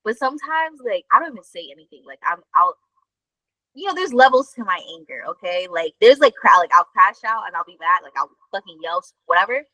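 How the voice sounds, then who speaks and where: Woman podcast host chatting, bright voice, dry close sound, lots of likes and swearing. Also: medium pitch, brisk, no room sound, low-quality recording. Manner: animated, swears a lot, many fillers. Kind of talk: casual chat, storytelling.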